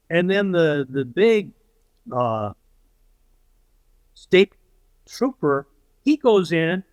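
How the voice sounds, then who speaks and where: A man's voice: high-pitched, fairly bright tone, smooth, no echo, low-quality recording. An older man telling a story as an interview guest, animatedly acting out the voices of the people he quotes.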